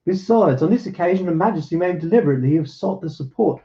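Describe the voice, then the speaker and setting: A bold, cunning young swordsman with a fairly high, emphatic voice, as a man reads him. He sounds raised and commanding. The recording is dull and lo-fi. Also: lively intonation, quick pace, dark tone, roomy sound. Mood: confiding.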